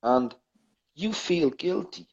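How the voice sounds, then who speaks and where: A man's voice: on the high side, lively intonation, takes it slowly, vocal fry, darkish tone. A man co-hosting a poetry show, earnest and enthusiastic, repeating his points. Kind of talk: casual chat on a live show. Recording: dull lo-fi line.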